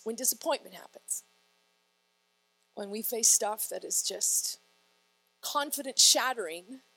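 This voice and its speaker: A woman pastor delivering an energetic sermon, asking the congregation questions and reading scripture aloud with drama. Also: fairly high pitch, unhurried, rough recording.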